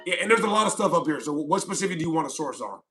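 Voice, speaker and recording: A man's voice: fairly high pitch, animated, very fast, music in the background. A man streaming live, reading chat comments aloud and mocking them combatively. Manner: combative, mocking, loud outbursts.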